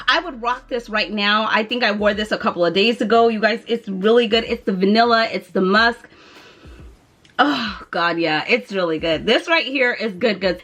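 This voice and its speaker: A woman's voice: mid-range voice, a bit bright. A young woman chatting animatedly in a casual beauty vlog, sometimes lilting in a sing-song way, recorded indoors at home on her camera mic. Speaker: beauty and lifestyle vlogger.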